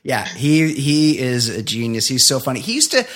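A man's voice: medium pitch, very animated, moderate pace, fairly bright tone. A man co-hosting a podcast, ranting bluntly and swearing through casual chat. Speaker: podcast co-host.

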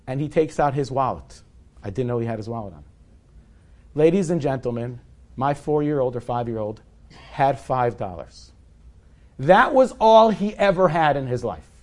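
A man's voice: mid-range voice, darkish tone. Candid man telling a story on stage. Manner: conversational, candid, self-deprecating. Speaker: speaker telling a personal story. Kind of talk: live storytelling to an audience. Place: event hall with a live audience.

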